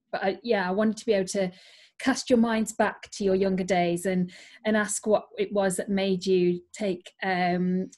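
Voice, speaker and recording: A woman's voice: fairly low pitch, darkish tone. Woman host asking questions on a video call, chatty, restarts words. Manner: chatty, repeats words as she thinks. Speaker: interviewer host. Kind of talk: hosted interview.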